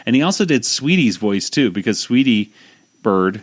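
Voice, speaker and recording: A man's voice: mid-range voice, sing-song, moderate pace. A man hosting a podcast, casually recapping a cartoon episode in a rambling way with lots of fillers and restarts. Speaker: podcast host.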